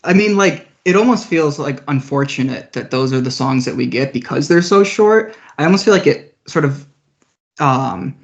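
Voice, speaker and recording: A man's voice: fairly high pitch, lively intonation, normal speed, creaky. A man co-hosting a podcast, talking about music hesitantly and thinking aloud. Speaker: podcast co-host. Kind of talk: casual music discussion. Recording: dull lo-fi podcast audio.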